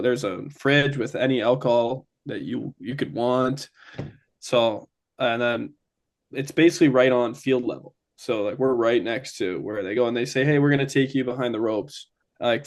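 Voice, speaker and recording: Animated young man from Ontario. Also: mid-range voice. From Ontario, Canada. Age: young adult. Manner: animated, acts out quoted lines. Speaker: guest. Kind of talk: casual storytelling.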